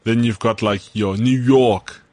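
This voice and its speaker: Low-voiced South African man, easygoing banter. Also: fairly even intonation, measured pace, dark tone, no echo. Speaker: podcast co-host. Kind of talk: casual chat.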